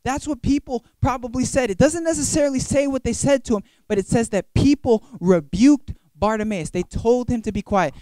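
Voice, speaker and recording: High-voiced man preaching emphatically. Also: moderate pace, hardly any pauses, dark tone, no echo. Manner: emphatic, repetitive, building. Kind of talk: sermon.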